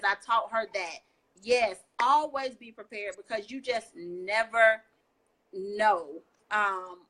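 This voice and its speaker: A woman's voice: fairly high pitch, bright, forceful tone. A woman hosting a casual online interview, chatty and upbeat. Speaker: host.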